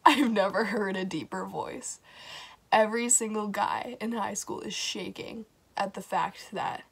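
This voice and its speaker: A woman telling a casual storytime vlog, chatty and animated, swearing freely. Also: mid-range voice, measured pace, vocal fry, breathy edge. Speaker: vlogger.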